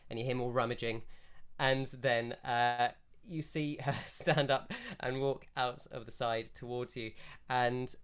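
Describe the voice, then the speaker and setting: A man narrating as game master in a tabletop game, rambling and relaxed. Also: medium pitch, smooth.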